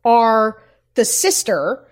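An enthusiastic woman hosting a podcast, retelling a film she loved in a quick, lively way. Her voice sits a little high. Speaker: podcast host. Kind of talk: casual podcast chat.

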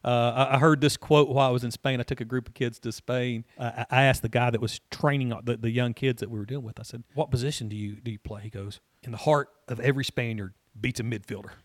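A middle-aged man, a college soccer coach, telling stories in a relaxed interview and often repeating words as he goes. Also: mid-range voice, fast talker, few pauses, dry recording. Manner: rambling, repeats words, laughs easily. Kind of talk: casual interview talk.

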